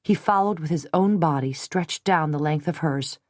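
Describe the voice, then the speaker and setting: Brief: female audiobook narrator, steady and even, lowish voice, dry studio. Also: normal speed, dry recording. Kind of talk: scripted narration.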